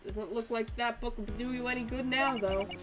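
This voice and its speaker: A woman's voice: on the high side, fairly even intonation, a little fast, lightly acted. A woman reading aloud the lines of a brash male police detective who calls people pal. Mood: grumbling. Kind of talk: reading game dialogue aloud. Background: game music.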